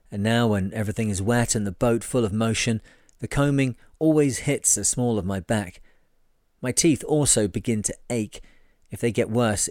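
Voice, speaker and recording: A man reading a sailing memoir aloud in a measured, wry first-person delivery. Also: fairly low pitch, darkish tone, no echo, studio quality. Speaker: reader.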